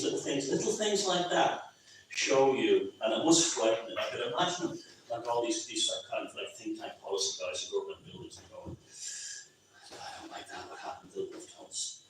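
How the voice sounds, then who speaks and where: A man's voice: mid-range voice, slight background noise. An Irish man giving an informal, rambling talk at a book launch, full of asides and restarts. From Ireland. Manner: rambling, conversational, many restarts. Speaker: author speaking at his book launch. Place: pub function room. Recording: very echoey, distant, lo-fi room recording.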